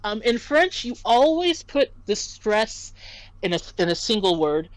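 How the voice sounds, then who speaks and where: A woman teaching French in a relaxed chat, her pitch bouncing high and low as she explains. She laughs easily between points. The sound is close and dry, with no room around her. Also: measured pace, no echo, low-quality recording. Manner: animated, laughs often while explaining. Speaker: French tutor. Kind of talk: casual language lesson.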